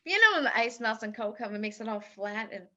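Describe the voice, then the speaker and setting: A woman's voice: fairly high pitch, lively intonation, brisk, dull audio, a crowd in the background. A woman co-hosting a show in casual chat, friendly with short agreeing replies. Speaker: co-host.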